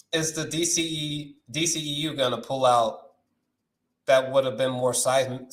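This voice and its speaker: A man's voice: medium pitch, a bit bright, roomy sound, poor audio. A young man hosting a movie news stream, ranting in a loose, slangy, profane way, his voice leaping up when he gets worked up. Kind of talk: animated live-stream rant.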